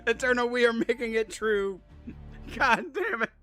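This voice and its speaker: Excitable streamer man, bright voice. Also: very high voice, moderate pace, faint music behind. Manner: excitable, swears often, laughs a lot, affectionate to chat. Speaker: game streamer. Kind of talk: casual live-stream chat.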